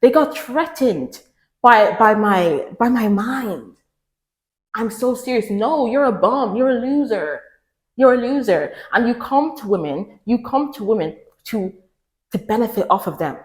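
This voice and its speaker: A woman's voice: lively intonation, measured pace. Emphatic woman preaching advice, echoey room. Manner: emphatic, preachy, repeats phrases for stress; mimics others in raised pitch. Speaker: relationship advice vlogger. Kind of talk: direct-to-camera advice talk.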